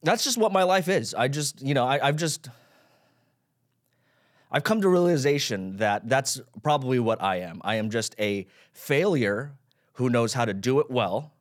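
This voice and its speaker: A man's voice: mid-range voice, lively intonation, normal speed. A man in his thirties hosting his own podcast, ranting casually about himself, swearing and rambling. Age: 30s. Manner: self-deprecating, swearing, rambling. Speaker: podcast host. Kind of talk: casual solo rant.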